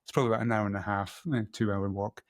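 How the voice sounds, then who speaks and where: A man's voice: fairly low pitch, flat delivery, very fast, dry recording, clean studio sound. A middle-aged man from Scotland, a photographer as guest, talking casually and often correcting himself with a laugh. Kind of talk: casual interview chat.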